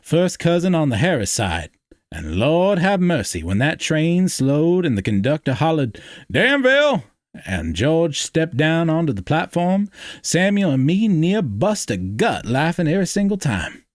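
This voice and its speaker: A man reads his own draft aloud with a folksy storyteller's lilt. His pitch rises and falls in a lively way. The sound is dry and close, with no room echo. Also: measured pace. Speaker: writer reading his draft. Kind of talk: reading aloud a first-person Southern story.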